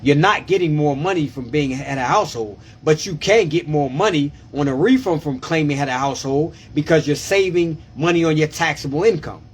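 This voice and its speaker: A man's voice: fairly high pitch, a little fast, few pauses, husky. A man who works as a tax preparer, talking casually on a livestream, emphatic and repetitive, often asking whether listeners understand. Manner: emphatic, repeats himself and asks "you understand?". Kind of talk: casual live-stream talk.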